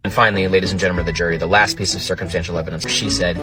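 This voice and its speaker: A man delivers mock courtroom testimony to a jury with formal, deadpan self-mockery. His voice sits very low, and he rattles through it quickly. Music plays clearly underneath. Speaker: comedic vlogger, husband.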